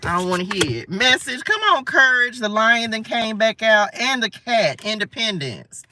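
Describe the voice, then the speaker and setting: A woman reads tarot live in a very bright, sharp voice. She chats playfully with her viewers and laughs easily. She sits a little distant from the mic. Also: on the high side, animated, moderate pace, slight background noise. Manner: chatty and playful, talks to viewers as y'all; laughs often, asides to spirits. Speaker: spiritual tarot reader. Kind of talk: live tarot card reading. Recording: voice a bit far from the mic.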